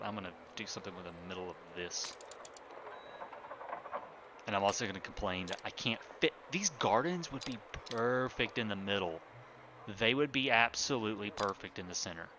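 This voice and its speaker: Man, live game-stream host, casual think-aloud delivery with restarts, lively pitch. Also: a little hiss or hum. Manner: thinks aloud and asks chat for ideas; grumbling, with small repeated restarts. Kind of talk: casual live-stream commentary while playing.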